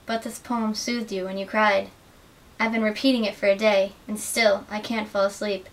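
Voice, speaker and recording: A young adult woman giving an earnest, measured dramatic reading of literary excerpts as a student reader. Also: medium pitch, flat delivery. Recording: distant mic with faint hiss.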